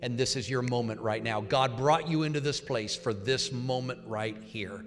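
A man preaching as a pastor, giving an altar call and leading a loud, fervent prayer in a church. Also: mid-range voice, moderate pace, few pauses, slight background noise. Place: church sanctuary. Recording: reverberant hall with faint music.

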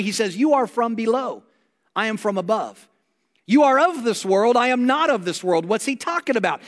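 Animated high-voiced preacher in a reverberant hall. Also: male voice. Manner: animated storytelling preacher, acts out quoted lines. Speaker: pastor. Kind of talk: sermon. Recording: long reverb of a large hall.

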